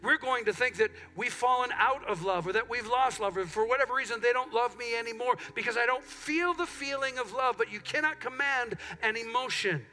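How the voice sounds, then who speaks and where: A man's voice: very high-pitched, fairly quick, hardly any pauses, soft background music. A middle-aged man preaching a sermon in a church, telling stories and acting out what people say. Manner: animated storytelling, acts out quotes. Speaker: pastor. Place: church sanctuary.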